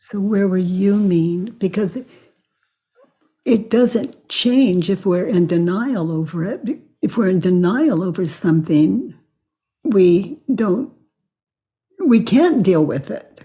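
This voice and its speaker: An older woman slowly and calmly guiding a client through self-inquiry with probing questions. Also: medium pitch, slightly rough. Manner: slow, calm and questioning, acts out quoted lines. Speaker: facilitator of self-inquiry sessions.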